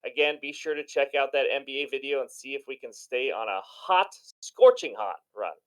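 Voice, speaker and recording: Fast-talking hoarse sports betting host. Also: male voice, medium pitch, fairly even intonation, a bit bright, low-quality recording. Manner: enthusiastic, chatty, self-deprecating. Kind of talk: energetic sports betting commentary.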